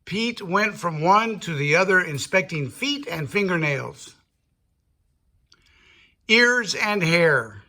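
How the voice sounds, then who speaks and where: An older man reads a children's picture book aloud in a slow, playful way. His voice is high and bright. His pitch rises and falls with lively swings. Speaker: storyteller grandfather.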